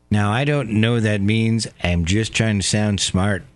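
Low-voiced rambling radio host man. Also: a little slow, gravelly, few pauses, dry recording. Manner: joking, loose, swears freely. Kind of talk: casual rambling monologue.

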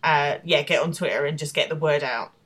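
A woman's voice: sits low, a little fast, fairly bright tone, rough recording. A married woman co-hosting a podcast, chatting casually and animatedly, laughing and swearing now and then. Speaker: podcast co-host. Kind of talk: casual chat.

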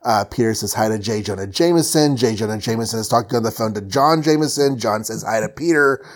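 A man's voice: lowish voice, fast. A man casually recapping a comic story, rambling and joking with many fillers. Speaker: podcast host recapping comics.

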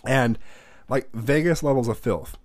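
A man in his thirties telling a story in a casual chat, animated and profane, acting out the voices of the people in it. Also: mid-range voice, a little slow, dry recording.

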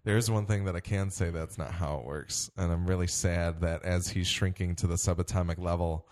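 A man's voice: sits low, fairly even intonation, a little fast, a little mellow. A man co-hosting a casual movie discussion, earnestly picking at the science details.

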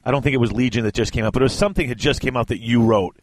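A man hosting a podcast, excitable and rambling, telling stories and laughing often. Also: medium pitch, rapid-fire, no room sound. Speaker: podcast host. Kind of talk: casual podcast chat.

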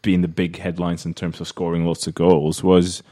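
A man's voice: low-pitched, monotone, normal speed, dark tone. A Norwegian man with a Norwegian accent, a podcast panelist talking football in a hesitant, considered way. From Norway. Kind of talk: casual football chat.

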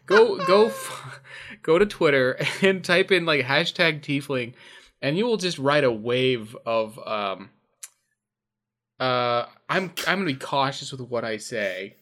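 This is a man chatting casually on a podcast, with a middle-pitched, everyday voice. He tosses in dry, teasing asides as he talks. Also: expressive, takes it slowly, a bit bright. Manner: wry, joking asides. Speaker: podcast co-host.

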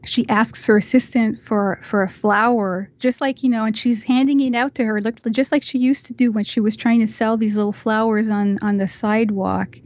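A woman guest on a podcast, chatting casually and retelling a film scene in animated detail, with lots of "you know" fillers. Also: fairly high pitch, normal speed, hardly any pauses.

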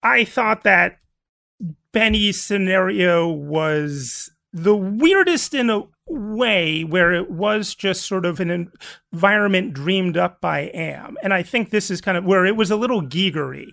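Gravelly high-voiced man musing. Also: expressive, a little slow, pushed and bright. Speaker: podcast co-host. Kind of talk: casual chat.

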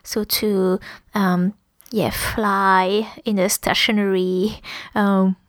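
French-accented woman, halting and chatty. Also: mid-range voice, little pitch movement, no room sound. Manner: hesitant, many ums and restarts. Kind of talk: conversational advice monologue.

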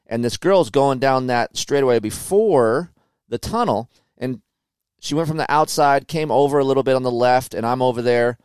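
Storyteller guest: a man, average pitch, dry close sound, swears freely and acts out quotes loudly. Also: normal speed, clear, resonant tone, no room sound. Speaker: guest, motocross racer. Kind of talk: casual podcast storytelling.

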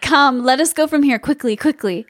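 A woman's voice: high voice, moderate pace, pitched above the performer's own voice, close to an everyday voice. A woman reading as an earnest young hero. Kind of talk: comic storybook reading.

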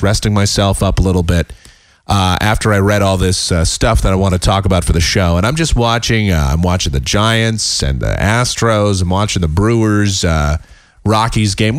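Man, slightly raspy tired voice, rambling podcast talk, lowish pitch, dry close sound. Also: no echo. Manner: rambling, many uh fillers. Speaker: podcast host. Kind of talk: casual solo podcast commentary. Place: home.

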